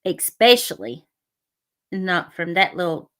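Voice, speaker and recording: A woman's voice: fairly low pitch, slow pace. A woman hosting a casual reaction commentary, blunt and profane and laughing often. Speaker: commentary channel host.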